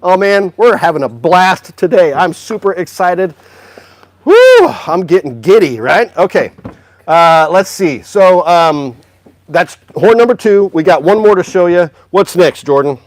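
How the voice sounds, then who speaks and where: A man's voice: sits high, expressive, measured pace, no echo. Upbeat chatty male livestream host. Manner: upbeat, chatty, talks to viewers by name. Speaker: music store livestream host. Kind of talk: casual livestream chat. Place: indoor music store.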